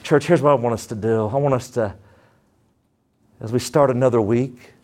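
A man's voice: mid-range voice, a little mellow. A male pastor preaching a sermon, reading scripture emphatically and leading the congregation in prayer. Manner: slow prayerful tone.

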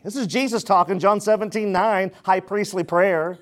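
A man preaching a sermon, emphatic and asking the congregation questions, swinging between loud declarations and quiet asides. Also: high-pitched, normal speed, hardly any pauses. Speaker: pastor.

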